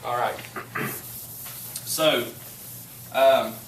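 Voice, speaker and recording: A male teacher, talking to a classroom and spinning a story with plenty of energy. He is picked up from across an echoey room, and the recording carries a steady background noise. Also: mid-range voice, drawn-out words. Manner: animated storyteller, laughing while telling. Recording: echoey classroom from far off, noisy.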